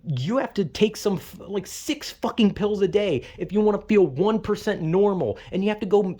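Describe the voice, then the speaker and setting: Young adult vlogger venting in a heated, profane monologue, voice neither high nor low. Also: warm tone. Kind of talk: angry ranting monologue.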